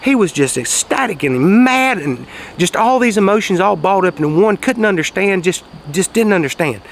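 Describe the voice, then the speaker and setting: A man telling a folksy story outdoors in a casual monologue, raising his voice for quoted shouts. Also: sits high, expressive, moderate pace, slight background noise. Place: outdoors, quiet spot near traffic.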